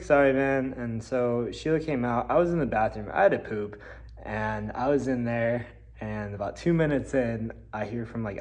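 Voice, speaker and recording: A young man in a band telling a rambling, laid-back story in a casual vlog, with lots of ums and likes. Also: fairly low pitch. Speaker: band member vlogger.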